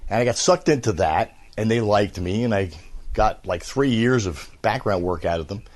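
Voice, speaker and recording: A man in his fifties, a voice actor, telling stories in a casual interview with an animated, filler-laden manner. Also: on the low side, normal speed. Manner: animated storyteller, many fillers. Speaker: voice actor, guest.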